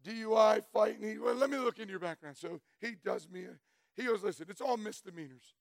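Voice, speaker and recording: Middle-aged man, high gravelly voice, loud testimony preacher, dry sound. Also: fast, no echo. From Florida. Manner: loud, emphatic storyteller, shouts for emphasis. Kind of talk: sermon testimony.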